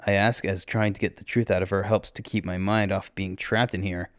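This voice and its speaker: A man reading a first-person fantasy story aloud in a steady, plain storytelling manner on a close mic. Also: deep voice, a little fast, no echo. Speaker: narrator.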